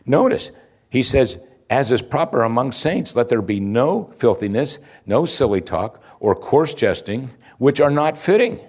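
A man preaching a sermon, explaining scripture in an animated way with chuckling asides and emphatic rising peaks. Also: mid-range voice, unhurried. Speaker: pastor.

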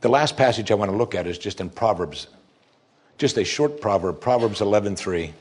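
A man's voice: on the low side, expressive, a little fast, a little mellow, slightly rough. A man preaching a sermon, reading scripture aloud and commenting on it with rising emphasis. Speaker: pastor.

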